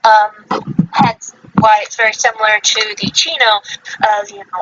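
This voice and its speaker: Bright-voiced woman hosting a podcast. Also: mid-range voice, little pitch movement, measured pace, dull audio. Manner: reads from research notes, stumbles over unfamiliar names. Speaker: podcast host. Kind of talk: casual livestream podcast chat.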